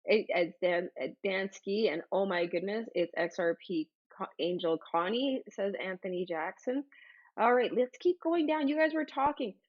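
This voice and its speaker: A bubbly woman hosting a casual livestream, reading viewer comments aloud with frequent exclamations and fillers. Her voice sits at a middling pitch. The audio is a little dull and lo-fi. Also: moderate pace. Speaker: livestream host.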